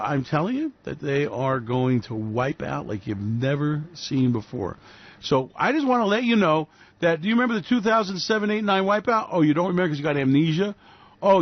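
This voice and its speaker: A man hosts a radio show, delivering a solo financial commentary rant that's sarcastic, profane, and mocking. His voice is a little high, and the recording is dry and dull.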